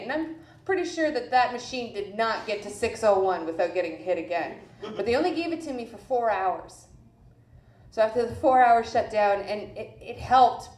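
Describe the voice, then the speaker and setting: A woman's voice: medium pitch, darkish tone. A female comedian telling a story on stage in a blunt, profane, self-mocking way. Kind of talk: stand-up storytelling. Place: live comedy venue. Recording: echoey room with faint ambience.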